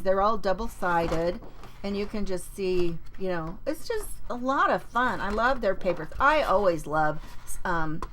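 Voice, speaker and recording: A woman's voice: medium pitch, a little hiss or hum, low-quality recording. A woman hosting a live paper-craft demonstration from her home craft desk. She chats casually and greets viewers by name as she works.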